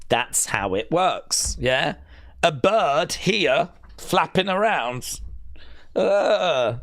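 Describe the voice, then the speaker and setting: A man's voice: medium pitch, vocal fry, a bit bright, no room sound. A man hosting a live watch-along stream, chatting casually and joking in rambling asides.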